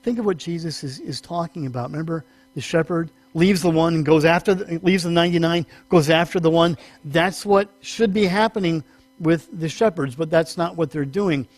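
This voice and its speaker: Higher-pitched male pastor teaching, dry sound. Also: moderate pace, no room sound. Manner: conversational, self-correcting, rises in pitch for emphasis. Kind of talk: sermon teaching.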